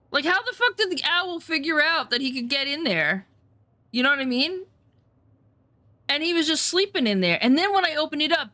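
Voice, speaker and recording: Woman telling profane, animated stories. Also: high voice, slight background noise. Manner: profane, animated, rambling anecdotes. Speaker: storyteller. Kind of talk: casual storytelling chat.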